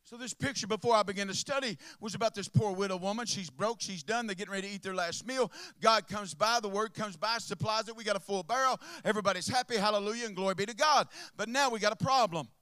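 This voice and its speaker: A man preaching a sermon to a congregation, swinging from hushed asides to impassioned shouts and calling out to listeners by name. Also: sits high, fast talker, few pauses, clean tone, no echo. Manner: calls out to the congregation.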